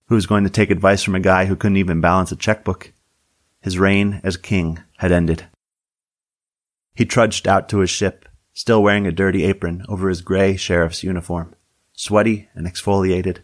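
A man narrating a story in an even, measured audiobook style. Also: low-pitched.

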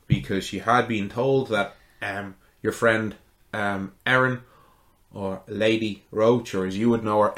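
A man narrating as game master in a relaxed, conversational way, often pausing on fillers. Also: on the low side.

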